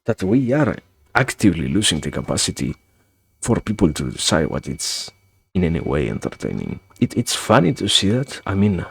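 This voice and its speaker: A man streaming, thinking aloud in a rambling, philosophical monologue, halting with many restarts and self-corrections, in a wry, musing way. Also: deep voice, big pitch swings, vocal fry, slightly rough. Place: home streaming setup.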